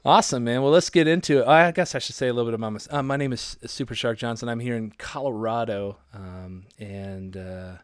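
A man's voice: medium pitch, a little fast, hardly any pauses, clean tone, no echo. Man in his thirties, casual podcast co-host, rambling and jokey, dry close sound. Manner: rambling, jokey, lots of fillers.

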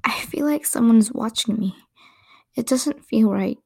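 A woman's voice: a little high, a little slow, vocal fry, a little mellow, slightly rough, exaggerated voice. A woman voicing a frightened young woman who speaks shakily and breathlessly, often half-whispered.

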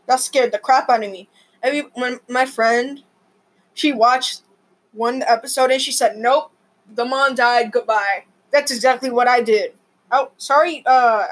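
Rambling excitable young woman vlogger. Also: high voice, rough recording. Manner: excitable, rambling, lots of fillers. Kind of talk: rambling casual vlog.

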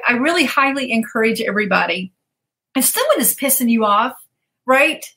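Woman, coach, interview guest; lively storyteller who voices the people she quotes; somewhat high pitch. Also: poor audio. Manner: animated, acts out quoted voices, laughs often.

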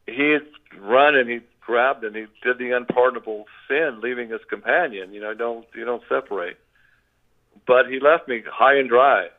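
An older man recounts an eerie story as a guest, rambling and doubling back on his words. His voice is gravelly with some fry, and it comes through a narrow, tinny phone line. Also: medium pitch, moderate pace. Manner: rambling, with frequent restarts.

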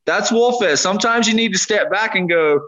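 Podcast host, male, earnest and emphatic, casual slangy delivery; slightly high voice, muffled lo-fi audio. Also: a little fast, bright, forceful tone. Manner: earnest, emphatic, says dude and man often. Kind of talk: candid faith podcast conversation.

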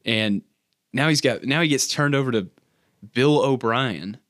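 A man's voice: mid-range voice, measured pace, dry recording. Chatty male sports podcast host. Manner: punny, animated recap, then rambling chat with restarts. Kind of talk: casual sports chat with scripted recap.

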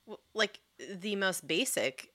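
A woman's voice: mid-range voice, expressive, slow pace, bright, forceful tone. A woman co-hosting a casual true-crime podcast, recounting facts and swearing freely. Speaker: podcast co-host.

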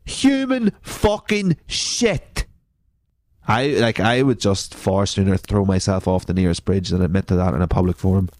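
A man's voice: sits low, lively intonation, normal speed, a little mellow, no room sound. A man hosting a comedy podcast, reading out social media posts and mocking them with sarcastic, profane asides. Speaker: podcast host.

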